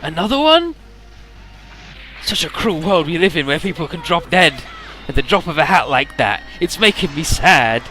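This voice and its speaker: A man's voice: a little high, sing-song, moderate pace, sharp tone, soft background music, pitched above the performer's own voice. A man voicing a giggly, deranged male villain, taunting in a sing-song voice that rises to shrieks. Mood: manic taunting.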